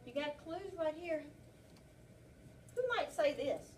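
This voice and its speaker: A woman's voice: high voice, slow, background noise. A woman kindergarten teacher leading an interactive read-aloud, prompting children with frequent questions, recorded by a far camera in a classroom.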